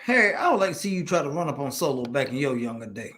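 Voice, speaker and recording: A man co-hosting a casual chat about a live wrestling show. He teases his co-host and throws in quick, animated reactions. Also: mid-range voice. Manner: animated, teasing, quick interjections.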